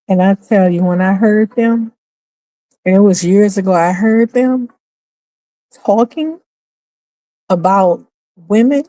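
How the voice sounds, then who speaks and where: A middle-aged woman hosting her channel, telling a story in casual commentary and acting out quotes with high squeals and laughs. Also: dark tone, dry recording, rough recording. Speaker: channel host.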